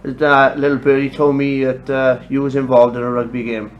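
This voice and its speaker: A man interviewing a boxer in a relaxed, casual way, often pausing with ums. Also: mid-range voice, dull audio, a little hiss or hum.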